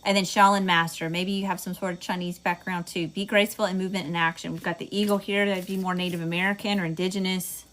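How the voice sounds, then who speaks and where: Her voice is fairly low and bright, flat in delivery, quick and with few pauses. A chatty Southern woman doing a casual tarot reading, she swears freely, says y'all often and laughs at herself as she addresses her audience.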